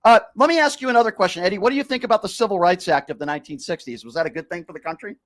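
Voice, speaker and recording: This man hosts a call-in radio show and gets into a heated, sarcastic fight with a caller, interrupting again and again. His voice sits high and sounds expressive and fairly bright, delivered rapid-fire.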